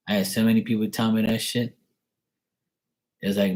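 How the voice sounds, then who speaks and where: Man, deep low voice, rambling casual livestream chat, laid-back, candid. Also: flat delivery, moderate pace, long pauses, a little mellow. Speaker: live tarot reader. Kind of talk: casual live-stream chat.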